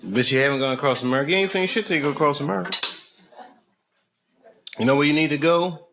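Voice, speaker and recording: A man's voice: a little high, quick pace. A man in his fifties doing loose stand-up, chatting and teasing the crowd in a comedy club. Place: comedy club, audience laughing. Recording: noisy club recording.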